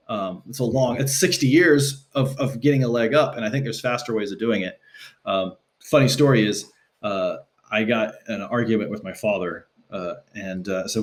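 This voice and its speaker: A man speaking as a guest on a podcast, telling stories casually and acting out quotes with shifting pitch. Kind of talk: casual conversational storytelling. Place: Los Angeles.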